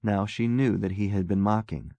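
A man narrating a story aloud in measured, even storytelling. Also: lowish voice, gravelly, no echo. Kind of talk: scripted narration.

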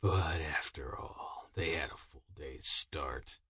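A man voicing a gaunt, impassive man with a scarred lip, speaking low and subdued in a read-aloud story. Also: slow pace, bright, forceful tone, slightly rough, full character voice. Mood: disappointed.

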